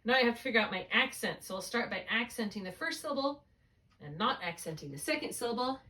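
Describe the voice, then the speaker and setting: A woman's voice: fairly high pitch, lively intonation, fast, sharp tone, distant mic. A woman tutoring one student in spelling, patiently thinking aloud through each step. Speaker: reading tutor.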